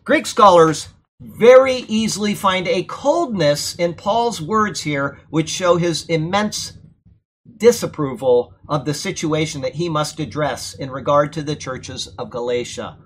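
A man teaching a Bible class in a church classroom, lecturing in a conversational, animated way and checking in with frequent okays. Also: fairly high pitch, a little slow. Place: church classroom during a thunderstorm.

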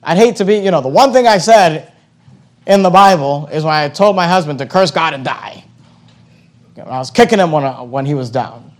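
A man's voice: fairly high pitch, expressive, fairly quick, close to an everyday voice. A man voicing the wife of a suffering old man, looking back on her words with regret in a wry, musing aside. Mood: rueful.

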